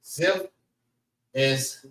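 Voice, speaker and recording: Male class instructor, unhurried delivery, roomy echoey recording. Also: medium pitch, fairly bright tone. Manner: drawn-out, repeats "all right?" to check in. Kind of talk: casual teaching lecture. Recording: echoey room.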